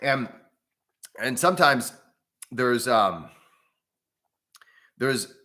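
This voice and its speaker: Brief: American man hosting a live breathwork chat, bright forward tone, loose and rambling delivery, stops to greet viewers. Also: medium pitch, expressive, a little slow, pauses often. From United States. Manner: rambling, with frequent restarts; reads out viewer comments and chats with them. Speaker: breathwork channel host. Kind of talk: casual livestream talk.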